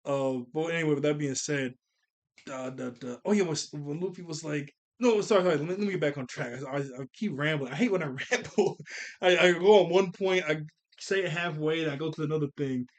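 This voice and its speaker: A man rambles through a casual commentary on an anime film, laughing often and doubling back when he loses the thread. His speaking voice sits a bit high for a man, and his delivery stays loose and slangy throughout. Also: brisk. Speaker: anime reviewer.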